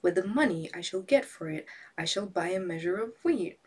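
A woman's voice: on the low side, lively intonation, normal speed, darkish tone, husky, distant mic. A woman voicing a poor, frightened male fisherman in a storybook reading, pleading in a raised voice. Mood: hopeful.

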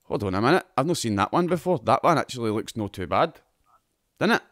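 A Scottish podcast host chats casually with friends about games and shows, full of swearing, laughter and banter. His medium-pitched, fairly bright voice swings a lot in pitch at a quick pace, recorded at studio quality with no echo.

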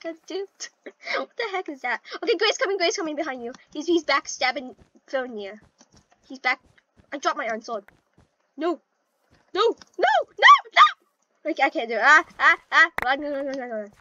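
A young woman commentating casually while playing an online game, chatty and excitable, breaking into panicked yells. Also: sits high, brisk, highs cut off. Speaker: gaming channel host.

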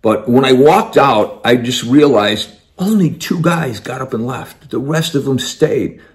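A man's voice: medium pitch, a little slow. A man telling a personal story in an emphatic, conversational way.

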